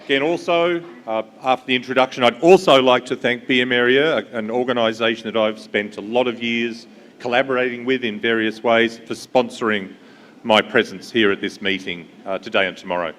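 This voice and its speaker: Male keynote speaker, friendly, talks with the crowd, mid pitch, big echoing hall. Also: steady tone, a little fast, fairly bright tone, slight background noise. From Australia. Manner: friendly, engages the audience, many fillers. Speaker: invited speaker. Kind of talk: conference keynote talk. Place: large conference hall. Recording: long hall reverb.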